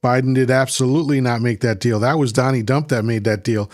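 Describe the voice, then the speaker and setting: A man's voice: medium pitch, steady tone, fairly quick, darkish tone, no room sound, clean studio sound. A man hosting a livestream, reading chat comments aloud and arguing with them in a combative, mocking way, often repeating himself. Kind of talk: heated political rant.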